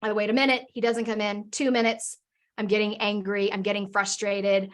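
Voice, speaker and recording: A middle-aged woman, a business owner and podcast guest, telling a lively personal story in an energetic way. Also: medium pitch, moderate pace. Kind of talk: storytelling in an interview.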